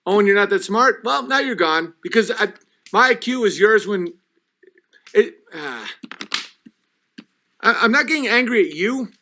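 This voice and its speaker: Man, livestream host, high voice, bright edge, agitated, profane, slightly tipsy. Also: animated, a little slow, pauses often. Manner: agitated, profane, reading chat comments aloud. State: has been drinking. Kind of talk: ranting livestream chat.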